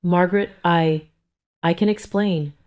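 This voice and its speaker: A guilt-ridden gambling son-in-law who stammers and begs, as a woman reads him in a low voice. He sounds cornered and desperate in this audio storybook. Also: fairly even intonation, a little slow, darkish tone, lightly acted. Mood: pleading. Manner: pleading, stammering.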